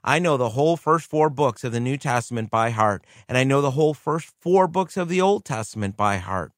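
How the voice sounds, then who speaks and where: Earnest blind little girl, read by a man, wondering and eager, mid pitch. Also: animated, a little fast, no room sound, clean studio sound, natural voice. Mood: earnest, pleading.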